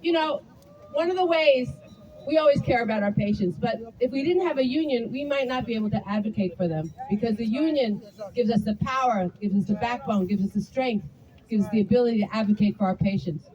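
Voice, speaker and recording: A woman's voice: on the high side, a little fast, a little mellow, dull audio. A woman nurse speaking earnestly at a union rally, introducing the next speaker. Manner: chanting, earnest. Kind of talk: rally speech. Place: outdoor street rally. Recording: distant mic, crowd noise. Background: chanting crowd.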